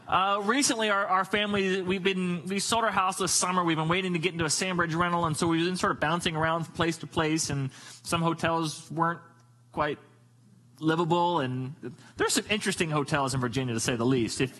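A middle-aged man preaching a sermon in an animated, joking storytelling manner. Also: a little fast, poor audio. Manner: animated, jokey storytelling with sudden pitch jumps. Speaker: pastor.

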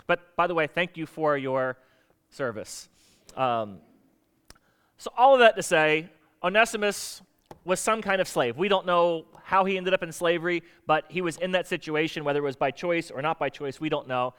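A man's voice: fairly high pitch, moderate pace, a bit bright, smooth. A middle-aged man, a pastor from the United States, preaching a conversational sermon and acting out quoted voices.

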